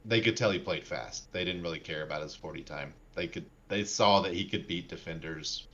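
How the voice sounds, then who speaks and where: A man with a very deep voice chats casually about football on a podcast, rambling a little and leaning on fillers. His delivery stays laid-back. The recording sounds dull and lo-fi. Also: a little fast, a bit bright. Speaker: podcast co-host. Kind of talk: casual sports podcast chat. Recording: dull lo-fi mic.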